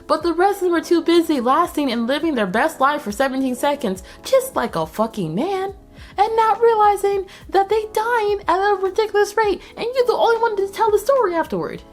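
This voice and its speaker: Profane, animated woman recapping a movie. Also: very high-pitched, a little fast, soft background music. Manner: profane, slangy, animated storytelling. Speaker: host.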